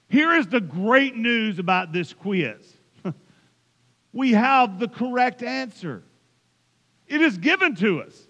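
Emphatic preacher, high bright voice. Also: male voice. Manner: emphatic, rising to impassioned build-ups. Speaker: pastor. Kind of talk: sermon. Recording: dull sound in a reverberant church hall.

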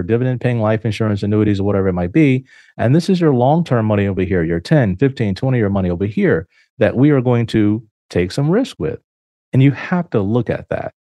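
A man's voice: medium pitch, mellow, no echo. A man hosting a financial advice podcast, talking emphatically and acting out his clients' lines in quotes. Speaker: financial advisor and podcast host. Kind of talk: solo podcast talk.

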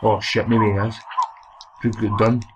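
Playing a boxing game over loud game sound and clicking, a young Scottish man hosts a gaming channel and delivers raucous, profane let's play commentary. He speaks in a lowish voice with little pitch variation at a moderate pace.

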